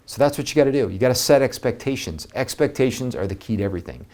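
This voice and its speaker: A man giving an energetic, conversational coaching talk to real estate agents, speaking with emphasis. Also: mid-range voice, quick pace, few pauses.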